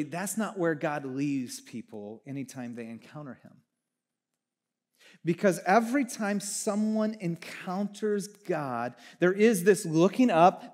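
A man preaching a sermon as pastor, talking conversationally, moving between hushed reflection and fervent emphasis, with casual asides to the congregation. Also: fairly high pitch. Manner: casual asides with audience check-ins.

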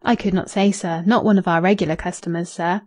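A woman reading the lines of a reserved foreign male hotel waiter in an audiobook, calm, low and formal. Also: brisk, close to an everyday voice.

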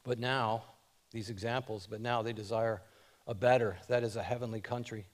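A man preaching a sermon as pastor, reading scripture aloud and speaking in short, measured phrases with rising emphasis. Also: on the low side, fairly even intonation.

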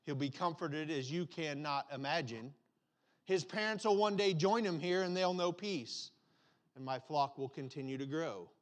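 A man voicing God as a gentle, solemn male figure in a story he tells in a sermon. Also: a little high, moderate pace, natural voice. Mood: solemn, tender.

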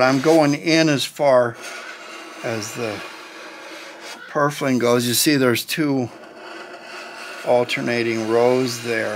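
A man with an ordinary mid-range voice walks viewers through a guitar build in his workshop. His talk is relaxed and chatty, with jokes and asides to the guys watching. Faint filing and scraping sounds sit quietly behind him. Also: medium pitch, slight background noise. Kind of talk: casual workshop tutorial.

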